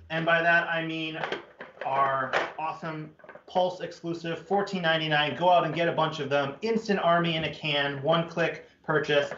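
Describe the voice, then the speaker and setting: A man's voice: on the high side, background noise. A man hosting a live stream product presentation, upbeat and chatty with many fillers. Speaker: toy brand host. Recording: muffled, roomy stream audio.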